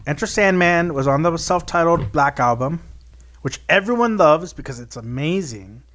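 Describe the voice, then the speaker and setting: A man's voice: a little high, animated, moderate pace, fairly bright tone. A man co-hosting a podcast, chatting casually in a brash, profane, joking way. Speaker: podcast co-host. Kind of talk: casual chat.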